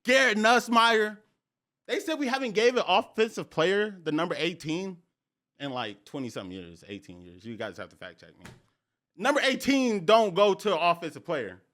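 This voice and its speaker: A young man hosting a sports podcast, talking in an excited, slangy way and repeating phrases for emphasis. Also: high voice, moderate pace. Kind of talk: excited casual sports talk.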